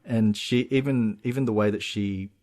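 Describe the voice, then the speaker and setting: A man co-hosting a casual film-review podcast, walking through the plot in long, winding, animated sentences. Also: fairly low pitch, normal speed. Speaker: podcast co-host.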